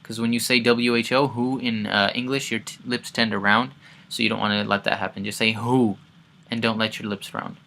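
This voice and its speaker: Bright-sounding guy teaching quran recitation, walks through each sound slow, repeats words a lot. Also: on the low side, level tone, creaky. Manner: explains sounds step by step, repeats words, chants recited verses loudly. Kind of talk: casual recitation lesson.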